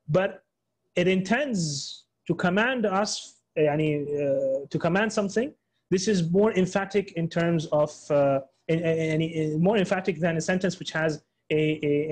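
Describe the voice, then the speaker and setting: This is an online lecture on Islamic studies delivered in English by a man whose voice is high yet darkish. He works through points step by step, often repeating and restarting, and he rattles off Arabic quotations quickly and then gives the English translation.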